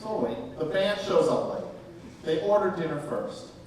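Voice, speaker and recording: A man's voice: a little high, lively intonation, measured pace. A male stand-up comedian doing a brash, profane set on a live club stage, teasing the crowd while they laugh. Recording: echoey, distant from the mic, noisy. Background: audience laughter.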